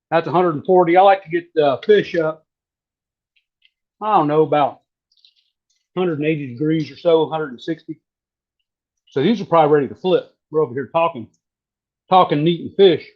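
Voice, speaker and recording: A man from southeastern Virginia, chatting casually while demonstrating how to fry catfish. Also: a little high. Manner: folksy, relaxed, drawling. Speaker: cooking guest. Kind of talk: casual cooking demo on a live stream. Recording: dull lo-fi stream audio.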